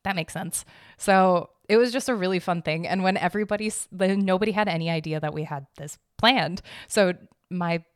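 A woman's voice: fairly low pitch, a little fast, clean tone, no room sound, clean studio sound. A young woman hosting her own podcast, rambling in a casual, giggly, self-deprecating way and swearing now and then. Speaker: podcast host.

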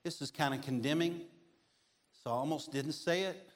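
Man, middle-aged, guest preacher, sermon, playful anecdotes, swings from hushed to loud. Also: normal speed. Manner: animated, humorous storytelling with big swings in pitch and loudness. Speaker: guest pastor. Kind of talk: sermon with personal stories.

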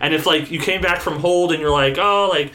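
A man who used to be a customer service trainer, telling lively stories in a casual podcast chat and laughing easily. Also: on the high side, a little fast. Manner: animated storyteller, laughs easily.

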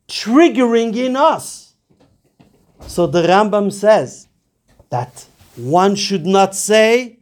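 A man's voice: sits high, darkish tone. A man giving a Torah class on Talmud, speaking earnestly and mixing Hebrew and Yiddish terms into his English, rising to urgent emphasis as he exhorts. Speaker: rabbi teaching Talmud.

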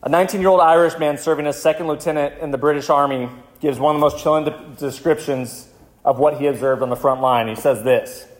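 A male pastor telling a vivid story in a sermon, slowing down for dramatic moments. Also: on the high side, steady tone. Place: church.

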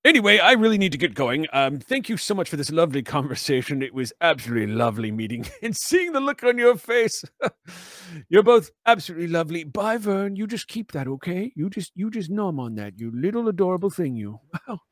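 A man voicing an effusive, giggly dinosaur doctor who chatters warmly. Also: high voice, very animated, a little fast, dry recording, studio quality, voice pushed up. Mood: gushing.

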